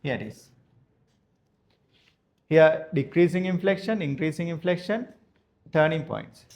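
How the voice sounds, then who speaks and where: A man from Sri Lanka, teaching a maths class slowly and repeating each phrase so students can write it down. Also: a little high, animated, a little mellow. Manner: slow, repeats each phrase for note-taking, spells words out. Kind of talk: dictated classroom lesson.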